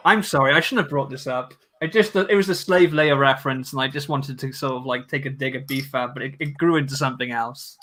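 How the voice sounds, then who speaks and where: A man's voice: mid-range voice, fairly quick, hardly any pauses, sharp tone. A British man hosting a livestream, chatting casually, joking and reading viewer comments aloud. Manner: jokey, reads chat comments aloud. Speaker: livestream host.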